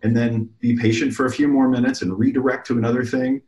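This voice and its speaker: A man in casual conversation sharing parenting advice, talking in a relaxed, rambling way with restarts. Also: medium pitch, fast, roomy sound.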